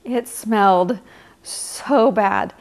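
Slow-talking, chatty woman remembering. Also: mid-range voice. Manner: chatty, colloquial, amused. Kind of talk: casual recollection.

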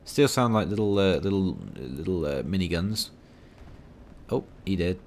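A man's voice: low-pitched, expressive, measured pace, darkish tone. A man giving rambling, self-mocking commentary while playing a tank game, full of dry asides. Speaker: gaming video creator.

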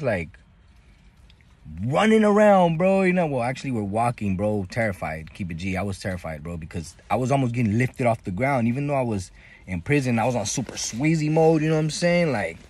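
Slangy husky man telling a story. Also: mid-range voice, no echo. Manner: slangy, animated, acts out voices in his story. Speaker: vlogger. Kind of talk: casual storytelling.

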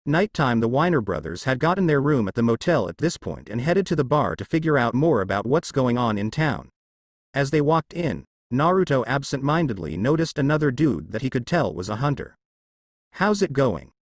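A man narrating a fan fiction story in an expressive reading style. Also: medium pitch, a little fast, no room sound.

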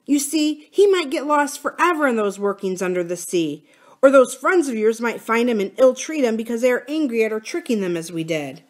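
An eager schoolboy, put on by a woman reading aloud, talking in a raised, bright voice that pushes its words out earnestly. He sounds anxious to please, pleading and explaining in a storybook read-aloud. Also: on the high side, lively intonation, a little fast, voice pushed up, natural voice.

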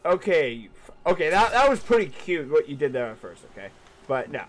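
A young man streaming a video game, chatting casually, swearing and yelling back at what happens on screen. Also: a little high, fairly quick, a little hiss or hum. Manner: excitable, profane, talks back to the game. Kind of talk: casual gaming commentary.

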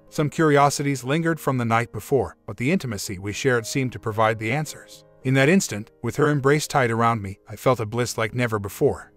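A man calmly narrating a relationship story as a scripted reading in first person. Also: mid-range voice. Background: faint music.

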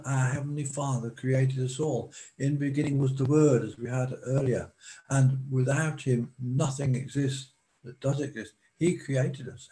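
A man preaching a sermon in a slow, deliberate way, pausing for emphasis. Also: mid-range voice, mellow, rough recording.

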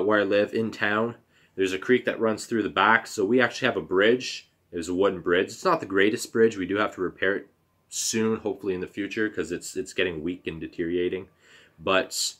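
A young man telling a personal story on his own channel, halting and emotional, with fillers, restarts and casual swearing. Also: fairly low pitch, a bit bright. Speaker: vlogger.

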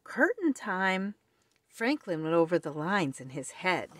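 Woman reading a picture book aloud, low-ish voice, dry close recording. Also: dry recording. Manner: slow, expressive reading. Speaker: storyteller. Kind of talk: children's read-aloud.

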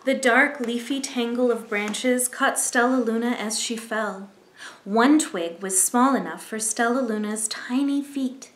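A woman reading a picture book aloud as a library storyteller, gentle and expressive, with asides to young listeners. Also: a little high, echoey room, a little hiss or hum.

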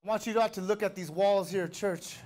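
A man preaching a sermon as pastor, fervent and conversational, building up to shouts. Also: high voice, steady tone, a little fast.

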